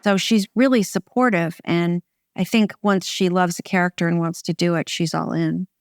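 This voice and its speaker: A middle-aged American woman, a film director, chatting in an interview in a wry, relaxed way with short phrases and restarts. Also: lowish voice, normal speed, dry recording, studio quality. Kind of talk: casual interview conversation.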